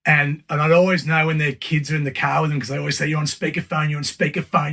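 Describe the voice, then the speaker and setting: Male guest, high and bright voice, animated storyteller who laughs a lot. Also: fairly quick, few pauses. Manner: animated, acts out phone calls, laughs often. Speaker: guest speaker. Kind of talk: storytelling in casual chat. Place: video call.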